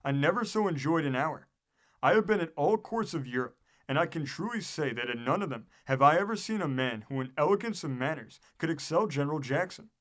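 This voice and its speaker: A man's voice: a little high, lively intonation, brisk, fairly bright tone. A man reading as a gushing refined lady. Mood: admiring.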